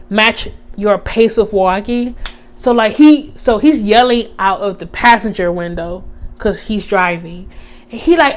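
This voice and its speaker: A young woman, telling a storytime on her vlog in casual chat, animated, with many fillers, acting out the voices of others. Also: medium pitch. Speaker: vlogger.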